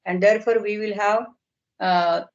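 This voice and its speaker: A middle-aged woman lecturing on a video call, explaining slowly and carefully and drawing out technical terms. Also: mid-range voice, fairly even intonation, lo-fi sound. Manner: measured, explanatory, slow on terms. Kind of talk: online academic lecture.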